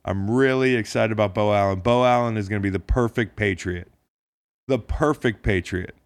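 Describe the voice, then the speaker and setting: A man's voice: lowish voice, normal speed, dry recording. A man co-hosting a casual sports podcast, talking in a jokey, profane, rambling way with lots of restarts. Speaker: podcast co-host.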